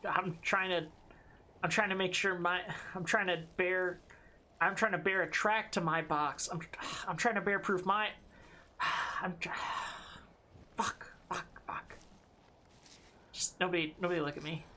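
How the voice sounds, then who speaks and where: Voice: medium pitch, steady tone, moderate pace, sharp tone, a little hiss or hum. A streamer giving live gameplay commentary, talking to themself and to chat and swearing freely.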